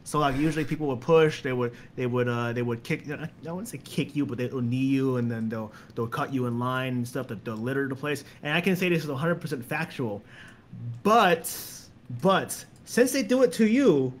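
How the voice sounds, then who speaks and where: A man's voice: medium pitch, normal speed, a little hiss or hum. A young man telling stories in a casual podcast chat, rambling and repeating words as he goes. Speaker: guest.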